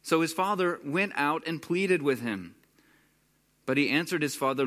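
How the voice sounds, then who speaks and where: A young man preaching in a relaxed, conversational way. His voice sits a little high, and now and then he slips into character voices to act out the people in the story. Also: moderate pace. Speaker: pastor. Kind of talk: sermon.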